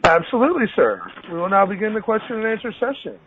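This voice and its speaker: A man's voice: sits high, very animated, fast. A man working as a conference call operator, giving scripted instructions in a polite, formal way. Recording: tinny phone line with faint hiss.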